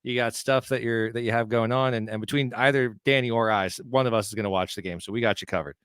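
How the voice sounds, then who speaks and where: A man's voice: mid-range voice, fairly even intonation, fast talker, a bit bright, clear, resonant tone, no echo, clean studio sound. A man co-hosting a sports podcast in a casual chat, with a wry, sarcastic, cheeky manner. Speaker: podcast co-host.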